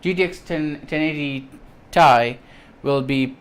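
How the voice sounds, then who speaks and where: A tech vlogger with a fairly high-pitched voice unboxes computer parts at a slow pace. His casual chat is enthusiastic and rambling, full of ums and restarts.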